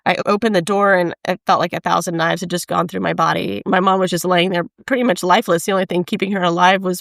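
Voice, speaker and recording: A middle-aged woman telling a personal story in an earnest way, now and then with a soft laugh, as a podcast guest. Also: mid-range voice, no room sound, clean studio sound. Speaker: guest, patient safety foundation co-founder.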